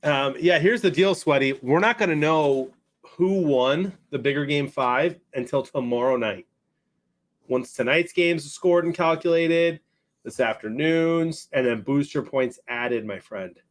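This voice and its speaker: A man co-hosting a live fantasy sports show, giving quick updates and asides. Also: on the high side. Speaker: co-host.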